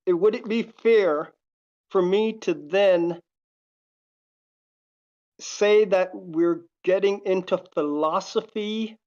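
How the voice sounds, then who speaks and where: Slow, halting caller on a dull line. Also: mid-range voice, darkish tone. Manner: slow, hesitant, halting questions. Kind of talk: casual debate on a live call.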